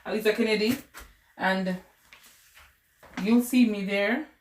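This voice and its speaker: A woman's voice: mid-range voice, fairly even intonation, takes it slowly, reverberant. A woman with a Caribbean English accent tutoring math on a casual livestream, chatting with viewers as she works through problems. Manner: chatty, talks to viewers and answers chat.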